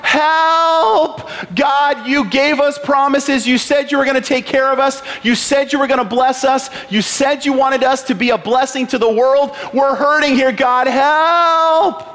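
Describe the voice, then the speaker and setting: A preacher voicing desperate enslaved people, pleading and shouting to God for help. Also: male voice, very high-pitched, fairly even intonation, measured pace, few pauses, big-room sound, pitched above the performer's own voice.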